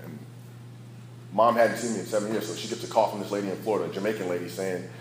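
A man's voice: low-pitched, steady tone, fast, reverberant, slight background noise, rough recording. A man sharing his personal recovery story as a candid, storytelling speaker who laughs at his own past. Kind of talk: personal testimony talk.

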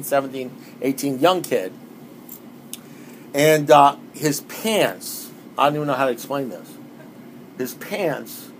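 A man's voice: medium pitch, a little hiss or hum. Rambling man sharing his recovery story. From New York. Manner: rambling and conversational, with many restarts. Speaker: speaker at a recovery meeting. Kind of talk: personal testimony to a group.

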